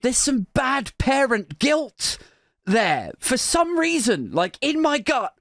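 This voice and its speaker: A man's voice: very high voice, very animated, slow, a bit bright, dry recording, studio quality. A young man hosting a podcast, telling a comic, self-mocking story in a rambling way, with lots of "like". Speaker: podcast host. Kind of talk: comic monologue.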